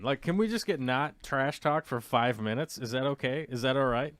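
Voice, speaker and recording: A man's voice: mid-range voice, normal speed, hardly any pauses, no echo. Rambling casual male host, dry sound. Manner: rambling, animated, mocking asides. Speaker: podcast host. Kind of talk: casual live-show chat.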